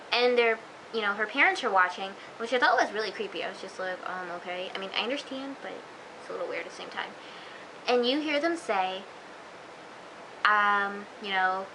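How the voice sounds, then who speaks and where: A woman's voice: mid-range voice, bright, forceful tone, slight background noise, rough recording. A woman recapping a TV episode in a chatty, gushing vlog style, full of fillers. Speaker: TV episode reviewer.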